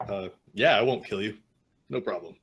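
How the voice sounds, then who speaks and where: A man playing a tabletop role-playing game, joking in a deadpan way. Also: fairly low pitch, moderate pace, husky. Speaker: player.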